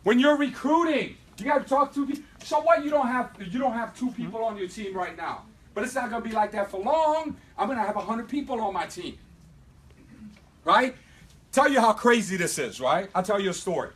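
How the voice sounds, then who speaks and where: A man with a high-pitched voice leads a motivational sales training in front of a live audience. He talks with lots of energy, pushing his points and checking in with "right?" again and again. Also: fairly quick, poor audio. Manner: energetic, repeatedly asks "right?". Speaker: business trainer.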